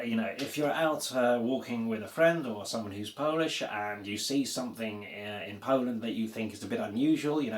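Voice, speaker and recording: A man's voice: medium pitch, roomy sound. A man explaining vocabulary in a recorded language lesson, patient and chatty, with frequent fillers. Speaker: language teacher.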